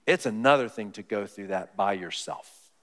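A man preaching a sermon, telling the story with animation and acting out the voices of the people in it, then dropping low and quiet for the solemn parts. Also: normal speed, in a large hall. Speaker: pastor.

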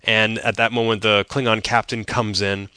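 A man's voice: fairly low pitch, little pitch movement, normal speed, pushed and bright, clear, resonant tone, no room sound, clean studio sound. A man co-hosting a podcast, recapping an episode in casual chat with wry, joking asides. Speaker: podcast co-host.

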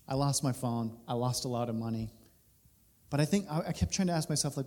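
A man in his thirties, a pastor, telling a personal story during a sermon, animated and laughing through it. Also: medium pitch, a little fast. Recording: reverberant hall.

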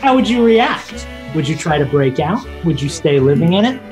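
A man's voice: on the high side, very animated, darkish tone, faint music behind. A man co-hosting a podcast in casual, upbeat, joking chat. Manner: upbeat, jokey, quick to laugh. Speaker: podcast co-host.

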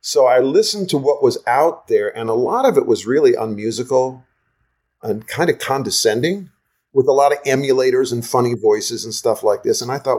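An older man, a guest songwriter, telling stories in a chatty, animated interview style. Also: medium pitch, moderate pace. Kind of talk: casual interview storytelling.

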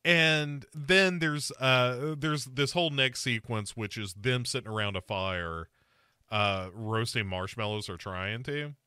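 A man's voice: mid-range voice, a little slow, sharp tone, clear, resonant tone, no echo, clean studio sound. A man hosting a podcast, casually recapping a movie with wry mock quotes. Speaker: podcast host. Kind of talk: casual movie review chat.

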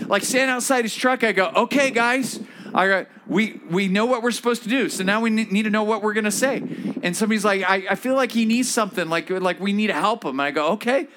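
A man preaching as pastor, telling a story in an animated way and acting out the voices of the people in it. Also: high voice. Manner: animated, acts out quoted voices. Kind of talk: sermon storytelling.

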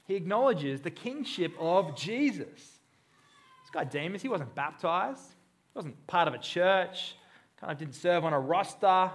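A man's voice: a little high, expressive, moderate pace. A man preaching a sermon in a conversational way, acting out the voices he quotes. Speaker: pastor.

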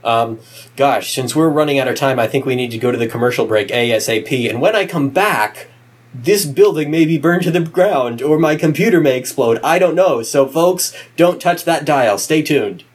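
Brief: male podcast host, mid pitch, jokey and playful. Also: normal speed, breathy edge. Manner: playful, jokey, self-deprecating. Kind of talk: casual podcast chat.

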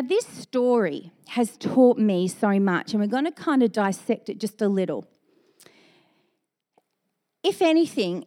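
A woman pastor preaching a sermon in a lively, storytelling way, laced with self-mocking humor. Her voice sits a bit high and swoops widely as she talks.

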